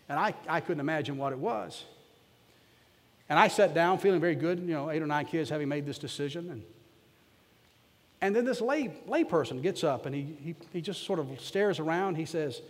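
A pastor with a voice on the high side tells a folksy, self-deprecating story as part of a sermon. He is animated and moderately paced, and the audio has a long reverb tail.

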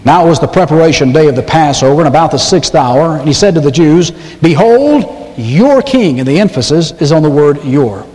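A pastor preaches with emphasis, hammering his point by repeating key phrases and reading scripture aloud. His voice sits a bit high for a man. The sound carries the long reverb of a church sanctuary. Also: fast talker, few pauses, darkish tone. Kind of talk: sermon.

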